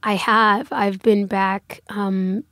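A woman's voice: mid-range voice, flat delivery, slow, a bit bright, dry recording. Chatty woman, dry studio sound. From United States. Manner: chatty, many fillers and restarts. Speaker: guest. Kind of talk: casual interview conversation.

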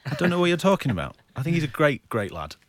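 A man's voice: fairly high pitch, very animated, quick pace, a crowd in the background. A man giving football punditry in a casual podcast chat, playful and teasing.

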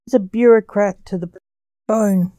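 A woman voicing a teasing, barbed male vampire sorcerer in a slow storybook reading. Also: medium pitch, steady tone, warm tone, dry recording, close to an everyday voice.

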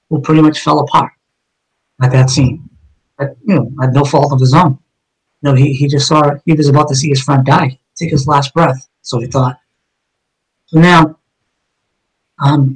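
A man's voice: mid-range voice, poor audio. A man, a police officer, telling his own story in a conversation, blunt and emphatic with heavy cursing.

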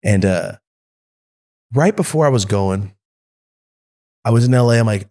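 A man, a podcast guest, telling stories in a casual, profane and animated way and acting out the voices of the people in them. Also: mid-range voice, measured pace, pauses often. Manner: profane, animated, acts out quotes. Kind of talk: casual storytelling.

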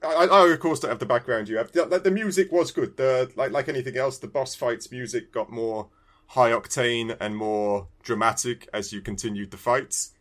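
A British man in casual podcast chat, laughing often and tripping over repeated words. His voice sits at a middle pitch and stays lively in its swings. He talks like a regular co-host. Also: normal speed. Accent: British English. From Britain.

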